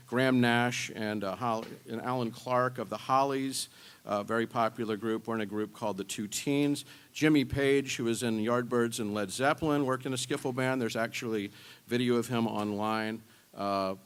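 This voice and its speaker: A man speaking at a university symposium, explaining music history in a relaxed, conversational way. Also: medium pitch, clear, resonant tone. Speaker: symposium lecturer.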